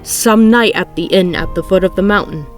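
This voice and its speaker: An earnest, worried young prince from a storybook, pressing his point in a mid-pitched voice, as a woman reads him out. Faint music plays softly behind. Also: moderate pace, close to an everyday voice.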